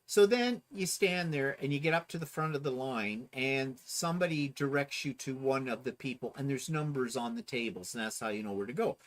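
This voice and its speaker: A man's voice: mid-range voice, a little fast, hardly any pauses. A man co-hosting a casual chat, animatedly telling a story and mimicking other people. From Ontario, Canada. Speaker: co-host.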